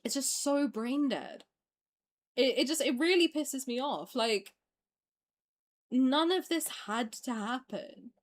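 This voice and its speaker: A woman's voice: high-pitched, expressive, slow, long pauses. A young woman streamer ranting in a heated, profane, exasperated way during a casual reaction video.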